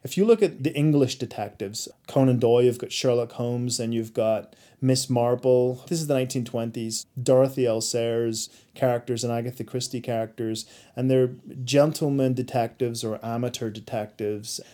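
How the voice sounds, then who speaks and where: A man's voice: mid-range voice, steady tone, normal speed, hardly any pauses, warm tone. A man, a crime writer, speaking as an interview guest in an emphatic, listing manner. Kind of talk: casual interview talk.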